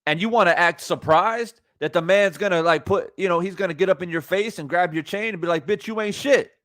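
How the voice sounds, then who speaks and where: A man's voice: high-pitched, fairly quick, fairly bright tone, no room sound, clean studio sound. A man giving live reaction commentary on boxing, heated, profane and incredulous.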